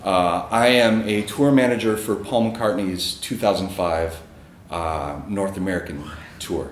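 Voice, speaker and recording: Male storyteller, casual and rambling delivery with fillers, low voice, roomy echo. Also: unhurried, slight background noise. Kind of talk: live storytelling.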